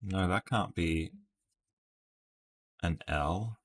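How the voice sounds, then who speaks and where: A man with a low voice and drawn-out words live-streams word games. He chats casually, thinks out loud, and laughs at himself.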